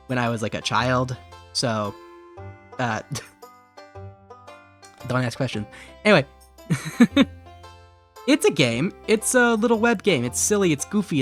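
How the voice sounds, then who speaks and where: A man's voice: a little high, fairly bright tone. A man from Ohio chatting casually while streaming a game, rambling, giggly and correcting himself as he goes. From Ohio, USA. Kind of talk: casual live-stream chat.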